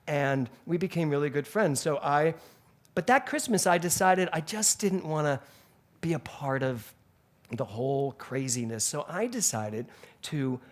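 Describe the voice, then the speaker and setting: A male minister giving a Sunday sermon in a spiritual center, telling stories animatedly and laughing along the way. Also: mid-range voice.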